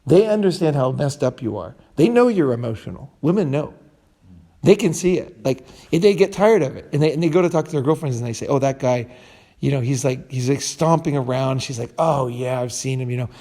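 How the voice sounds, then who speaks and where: Male podcast host, blunt rambling delivery, warm dark timbre. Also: fairly high pitch, animated, fairly quick. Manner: blunt, rambling, with restarts and swearing. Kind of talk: casual podcast chat.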